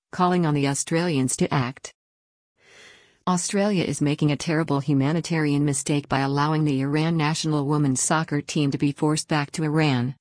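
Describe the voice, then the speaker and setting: Low-voiced woman reading a news article. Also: darkish tone, no room sound, clean studio sound. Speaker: news reader. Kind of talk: scripted news narration.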